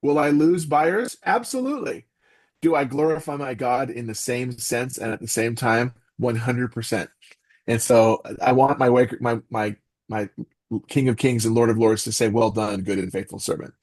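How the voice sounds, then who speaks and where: A man's voice: medium pitch, moderate pace. A middle-aged man talking earnestly as a podcast guest, acting out little quotes as he speaks. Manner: earnest, animated, with quoted asides. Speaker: podcast guest, author and voice actor. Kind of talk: casual interview talk.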